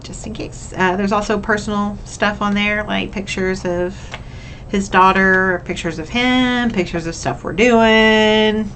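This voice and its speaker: A woman's voice: mid-range voice, steady tone, measured pace, fairly bright tone, a little hiss or hum, rough recording. A young woman, talking candidly and upbeat to her camera in a casual vlog, sometimes getting emotional. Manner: candid, upbeat, emotional at times, says "y'all". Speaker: vlogger.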